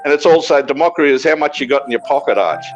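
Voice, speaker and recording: A man's voice: a little high, lively intonation, rapid-fire, highs cut off. A man with an Australian accent talking casually on a livestream, profane and blustering, repeating his points. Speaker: livestream participant. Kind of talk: casual chat. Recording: loud background music.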